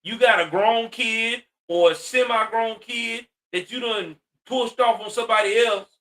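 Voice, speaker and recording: A man's voice: extremely high pitch, measured pace, a bit bright, recorded from a distance. Blunt, profane man ranting. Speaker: commentary host. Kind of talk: ranting social commentary.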